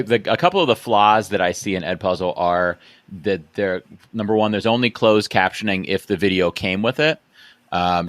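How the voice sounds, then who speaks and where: A man's voice: on the low side, a bit bright, no echo. A man hosting an education podcast interview, chatting casually with plenty of fillers and restarts. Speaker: podcast host.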